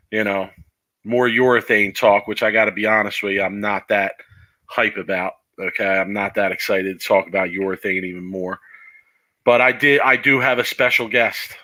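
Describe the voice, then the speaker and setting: Man, podcast host, playful, loose, filler-heavy, very bright tense voice. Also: on the low side, poor audio. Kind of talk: casual comedic podcast hosting.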